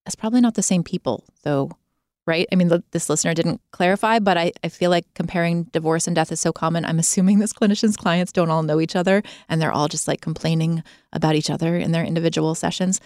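A woman hosting a podcast, talking straight to listeners in an expressive, emphatic conversational monologue. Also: lowish voice, fast, no room sound, studio quality. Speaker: podcast host.

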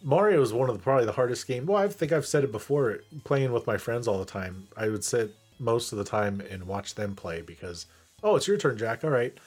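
Laid-back podcast co-host, man, low and husky. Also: fairly quick, few pauses, darkish tone, soft background music. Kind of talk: casual podcast chat.

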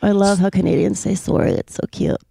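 A woman hosting an interview in gentle, affectionate casual chat. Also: medium pitch, sing-song, fairly quick, vocal fry, breathy edge, no room sound. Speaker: host.

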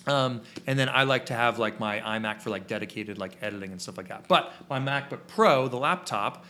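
A man's voice: medium pitch, brisk, sharp tone, slight background noise. A man co-hosting a photography podcast in casual, rambling chat, full of fillers and restarts, recorded in his small studio. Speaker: podcast co-host and photography teacher.

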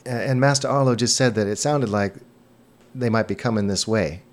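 A man's voice: lowish voice, natural voice. A man voicing a nervous young male inn attendant who speaks in a shaky, stammering voice. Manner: stammering, halting.

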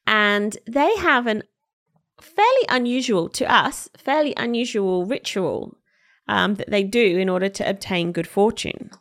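A woman hosting a casual group podcast, introducing news articles in an unhurried way and leading the discussion. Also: medium pitch, animated, fairly bright tone. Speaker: podcast host presenting articles.

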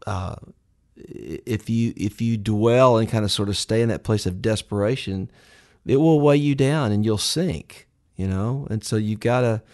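A man's voice: on the low side, a little mellow. A man in his sixties as an interview guest, speaking in a rambling, heartfelt way with many fillers. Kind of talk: casual interview.

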